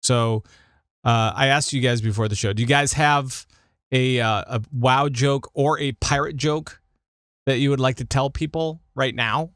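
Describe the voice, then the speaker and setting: A man's voice: mid-range voice, unhurried, clean tone, no echo, studio quality. A man hosting a gaming podcast in casual chat, rambling with lots of fillers. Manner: animated, chatty, lots of fillers. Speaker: podcast host.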